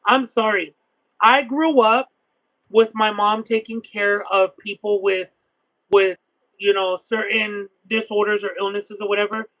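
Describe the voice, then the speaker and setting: Very high-voiced chatty man. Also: a little slow, low-quality recording. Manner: chatty and expressive, frequent "you know what I mean"; swears casually. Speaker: streamer reading chat. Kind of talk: casual livestream chat.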